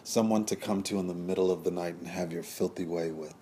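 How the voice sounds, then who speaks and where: A man's voice: sits low, steady tone, a little fast, mellow, a little hiss or hum, close to an everyday voice. A man voicing a young Creole mistress in an audiobook, mocking and cutting in her sarcastic replies. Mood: scornful.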